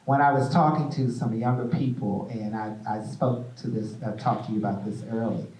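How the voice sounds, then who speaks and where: A man hosting a stage interview, playful and animated as he tells stories. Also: medium pitch, normal speed, far from the mic. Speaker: host. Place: theater stage. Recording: echoey room, mic from afar.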